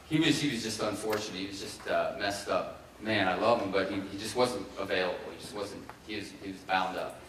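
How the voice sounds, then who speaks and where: A man in his fifties from Ohio giving a keynote speech, telling his own story in a casual, halting way full of fillers and restarts. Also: fairly low pitch, fairly bright tone, far from the mic, a little hiss or hum. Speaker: keynote speaker. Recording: echoey hall, mic away from the speaker.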